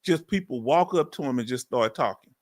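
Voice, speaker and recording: A middle-aged man with a strong Southern accent from Texas, loudly and folksily chatting live with his viewers as host. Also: medium pitch, animated, fairly quick. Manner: loud and folksy, reads out viewer comments. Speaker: livestream host. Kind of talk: casual live chat with viewers.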